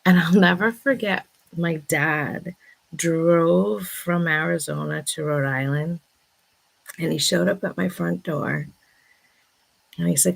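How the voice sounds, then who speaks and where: In a chatty vlog, a woman in her thirties tries out a new microphone while telling a personal story in a breathless rush full of "oh my God"s. Her creaky voice is on the low side, at a measured pace.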